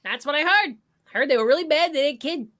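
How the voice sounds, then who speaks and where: A man's voice: very high voice, lively intonation, quick pace, sharp tone, exaggerated voice. A man playing a cocky, dim rich husband with fake airs, who rambles and stammers through improvised murder-mystery comedy. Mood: boastful.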